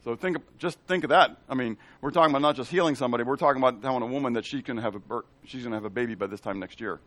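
A man giving an animated Bible teaching, asking the listeners questions and acting out the lines of the people in the story. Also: medium pitch, very fast, no room sound.

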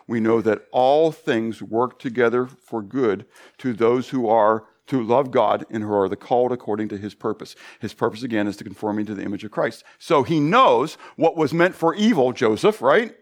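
A pastor preaching a Bible study sermon, animated, full of rhetorical questions. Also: male voice, mid-range voice, moderate pace.

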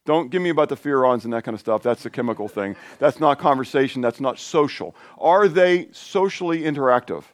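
A man preaching an informal sermon in a conversational, rambling way, with asides and restarts that turn lively and high when he gets excited. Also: brisk, few pauses, no room sound, studio quality. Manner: lively, rising pitch when animated.

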